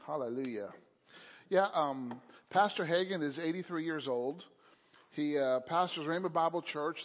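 A man preaches to his congregation in a loose, unhurried way, pausing on filler sounds as he goes. His voice sits a little high, and the sound is dull and lo-fi. A long reverb trails behind it in the church hall. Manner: casual, hesitant with many uh fillers. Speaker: pastor. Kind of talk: sermon. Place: church sanctuary.

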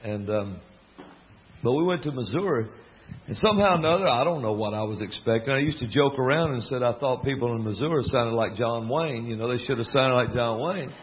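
A man's voice: mid-range voice, brisk, muffled recording, a little hiss or hum. A man from Alabama with a Southern drawl, a gospel singer and preacher telling joking stories from the pulpit. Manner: joking, drawling, storytelling with asides. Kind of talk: folksy storytelling sermon.

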